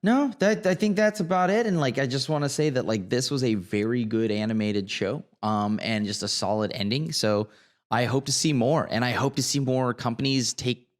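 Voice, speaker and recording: A man's voice: mid-range voice, normal speed. A man co-hosting a casual podcast chat on a podcast microphone, rambling with many "like" fillers. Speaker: podcast co-host.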